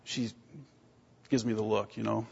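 A man in his thirties preaching a sermon as a pastor, telling lively stories with self-deprecating humor and often clearing his throat. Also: fairly low pitch, a little slow. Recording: dull lo-fi sermon recording.

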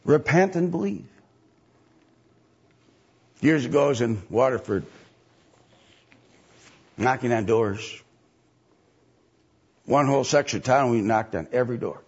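A man's voice: mid-range voice, lively intonation, unhurried, long pauses, husky. A man preaching a sermon, emphatic, with mocking voices when he quotes others. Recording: dull lo-fi recording.

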